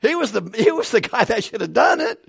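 Man, preacher, casual sermon teaching, animated, high voice, dry close sound. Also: fairly quick, creaky, breathy edge, no echo. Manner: conversational, animated, laughs between points. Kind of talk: sermon, Bible study teaching.

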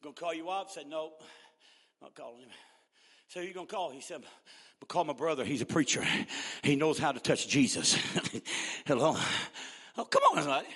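A man in his sixties preaching a sermon in a church, laughing often and shouting in call-and-response with the congregation. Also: on the high side, animated, normal speed, long pauses, slightly rough, long reverb tail. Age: 60s.

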